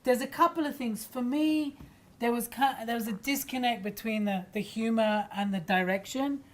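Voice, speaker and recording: A woman trainer giving lively, direct feedback to a speaker. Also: fairly high pitch, normal speed. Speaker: judge and trainer.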